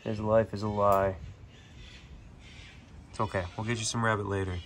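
A man's voice: on the low side, little pitch movement, moderate pace, slight background noise. A man keeping an animal sanctuary, chatting casually to viewers as he feeds the animals and talking to them affectionately. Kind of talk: casual vlog while feeding animals.

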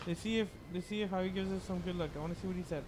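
A young man co-hosting a let's-play, chatty and excitable, swearing now and then. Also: high voice, very fast. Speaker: co-host. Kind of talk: casual let's-play chat.

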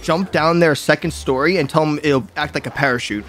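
A man's voice: fairly high pitch, fairly quick, a bit bright, faint music behind. A young man hosting a gaming video, chatting casually with friends, giggling often and cracking crude jokes. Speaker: gaming channel host.

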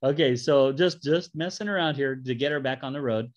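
A man's voice: medium pitch, brisk, a crowd in the background. Guy reading bible verses to a small group, cracks jokes between verses, kinda muffled lo-fi sound. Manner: reads scripture aloud, breaks off to joke and explain. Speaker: pastor teaching Bible study. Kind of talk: casual Bible teaching with jokes.

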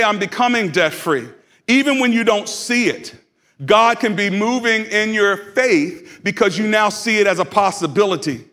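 A man's voice: sits high, fairly bright tone. A male pastor preaching a sermon in a conversational, humorous way, drawing the congregation into call-and-response. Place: church sanctuary.

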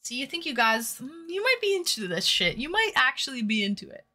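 Bright-voiced woman streamer chatting. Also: sits high, sing-song, a little fast. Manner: chatty, reads and answers viewer chat aloud. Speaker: live-stream host. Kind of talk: casual live-stream chat.

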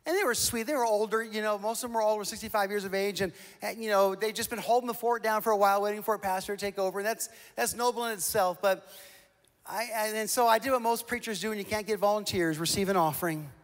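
A man with a high-pitched voice preaching from the pulpit, spinning a comic personal story full of self-mocking jokes. His voice rings out with a long echo that hangs in a large church hall. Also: fast talker. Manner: humorous, lively storytelling with self-mocking asides. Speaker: pastor. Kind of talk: storytelling sermon.

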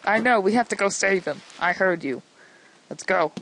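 A woman giving excitable let's-play commentary into a desk microphone, yelling and laughing at the game as she plays. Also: mid-range voice, moderate pace, slight background noise, rough recording. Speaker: gameplay commentator.

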